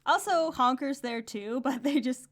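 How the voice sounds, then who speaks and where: Animated woman recapping a comic. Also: sits high, unhurried. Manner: animated, laughs often. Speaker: podcast co-host. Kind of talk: casual chat recapping a comic.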